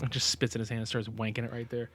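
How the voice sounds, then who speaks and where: A man's voice: mid-range voice, completely flat delivery, fast talker, very noisy. A man co-hosting a podcast, recapping a film in casual chat, cursing often, laughing and acting out the characters' lines. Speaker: podcast co-host. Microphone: desk microphone.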